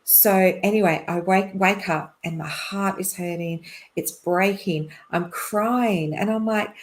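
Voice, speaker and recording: A middle-aged woman, a podcast guest, telling a personal story in a chatty way, with lots of fillers and quick laughs. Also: medium pitch. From Australia. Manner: chatty, laughs often, many fillers and restarts.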